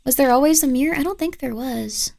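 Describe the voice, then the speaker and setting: Woman, slightly high voice, live game streamer, playful, chatty, bantering commentary. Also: brisk, creaky, mellow. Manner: chatty and playful, scolds her pet and banters with chat.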